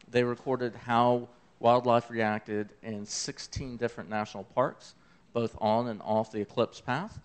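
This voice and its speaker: At a conference, a Southern-accented man from Memphis, Tennessee talks up his eclipse accessibility project in a smooth, medium-pitched voice. His manner is eager and conversational, with fillers and asides.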